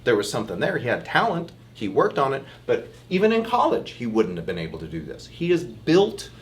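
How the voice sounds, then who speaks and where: A man, a chiropractor, giving a casual online health workshop. He talks to his listeners in a chatty, animated way and calls them "you guys". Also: mid-range voice, fast talker.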